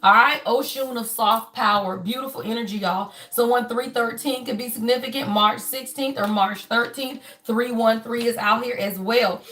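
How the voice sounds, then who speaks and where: A woman's voice: a little high, a bit bright. A woman in her fifties giving a spiritual reading to her viewers, preachy and emphatic, swearing freely and repeating her points. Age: 50s. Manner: emphatic and preachy, profane, repeats phrases for the audience. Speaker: spiritual reader and life coach.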